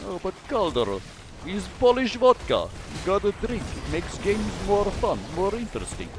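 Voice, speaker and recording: A man's voice: high voice, big pitch swings, moderate pace, noisy background, pitched above the performer's own voice. A man putting on a Russian accent to play a jovial fellow who pushes vodka on a friend. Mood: cajoling. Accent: put-on Russian.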